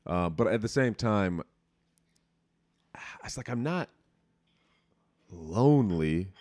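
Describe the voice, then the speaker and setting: A young man hosts a podcast in a low, expressive voice, speaking slowly into a close mic with no room sound. His casual chat is candid and rambling, sprinkled with offhand swearing.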